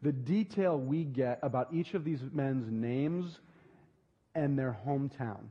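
A man preaching a sermon, telling a story with lively, acted-out dialogue. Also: medium pitch, unhurried. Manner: animated storytelling, acting out dialogue in lively voices. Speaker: pastor. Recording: dull lo-fi sound with long hall reverb.

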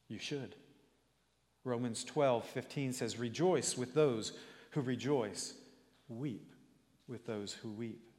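A man preaching a sermon deliberately, asking the congregation rhetorical questions. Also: medium pitch, darkish tone, big-room sound. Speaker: pastor.

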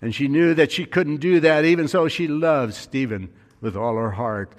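A man's voice: on the high side, moderate pace, in a large hall. A male pastor telling a story in a sermon, his voice rising and falling with emphasis.

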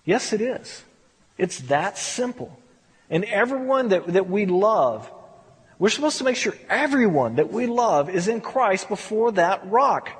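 A man's voice: sits high, big pitch swings, a little slow, slightly rough, long reverb tail. A man preaching a conversational verse-by-verse Bible study, repeating words as he stresses a point. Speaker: pastor.

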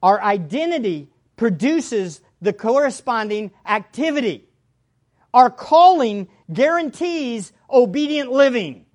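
A woman preaching a sermon, speaking to her listeners directly, repeating key phrases and swinging between loud and hushed. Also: a little high, big pitch swings, slow. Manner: addresses the congregation directly.

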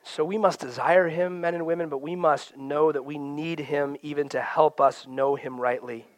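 A man's voice: a little high, steady tone, normal speed, no room sound. A man preaching a sermon in an earnest, conversational way, often acting out quoted voices and prayers.

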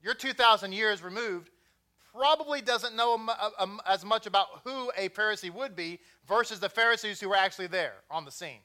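A man's voice: high-pitched, brisk, pushed and bright. A man with a Texan accent preaching a sermon in a conversational way, with joking asides. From Texas.

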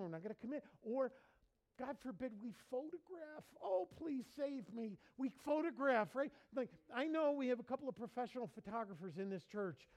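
High-voiced man preaching a playful sermon. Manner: lively, playful, mimics people for laughs. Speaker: pastor. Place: church.

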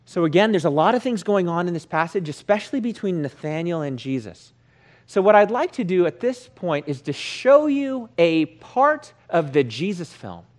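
A male pastor leads a prayer and reads a scripture passage to his congregation. His voice sits a little high and moves around a lot in pitch. He keeps the tone conversational. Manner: animated, conversational, prays then reads aloud. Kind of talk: sermon with prayer and scripture reading.

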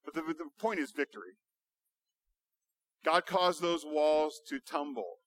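A male pastor preaching a sermon, building to loud, emphatic rhetorical questions. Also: a little high, lively intonation, measured pace, no echo.

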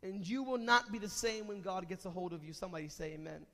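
A man preaching a sermon as pastor of a church, moving between quiet talk and shouted calls to the congregation. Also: high-pitched, steady tone, fast, long reverb tail. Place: church sanctuary.

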